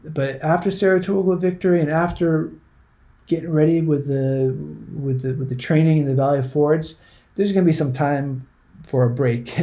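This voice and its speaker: A man's voice: medium pitch, dark tone. A man giving a conversational history lesson, often restarting words and checking in with the listener. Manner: conversational, repeats words, frequent "right?" checks. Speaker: history teacher. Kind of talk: classroom history lecture.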